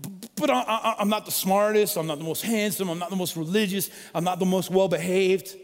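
A man preaching a sermon in a conversational, storytelling way, dropping from loud emphasis to hushed, quiet lines. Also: sits high, fairly even intonation, brisk, hardly any pauses. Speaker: pastor. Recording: long reverb of a large hall.

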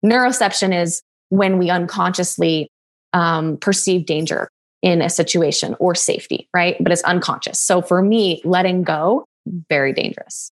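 A young adult woman telling a personal story in casual conversation, candid and animated, laughing often and swearing casually. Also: on the low side, normal speed.

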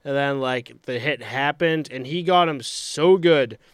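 A man's voice: medium pitch, a little slow, clean tone, dry recording, studio quality. A young man co-hosting a casual sports podcast, rambling and trailing off between thoughts. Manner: rambling, trails off, acts out quotes. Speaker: podcast co-host. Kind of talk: casual hockey chat.

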